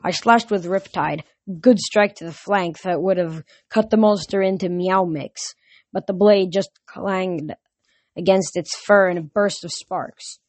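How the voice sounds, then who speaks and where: A woman narrating a novel aloud in a steady storytelling manner. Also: fairly low pitch, unhurried. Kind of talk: audiobook narration.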